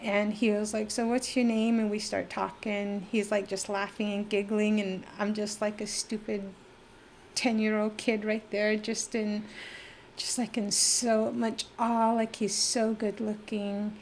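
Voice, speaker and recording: A middle-aged woman from New Mexico, a podcast guest telling a personal story in conversation, lively and full of fillers, acting out the dialogue she recalls. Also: mid-range voice, unhurried, slight background noise. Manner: lively, acts out quoted dialogue, many fillers.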